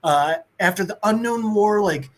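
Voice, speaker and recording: High-voiced man rambling through a recap. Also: unhurried. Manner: rambling, profane, filler-heavy, acts out quotes. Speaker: podcast co-host. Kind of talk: casual comic book recap.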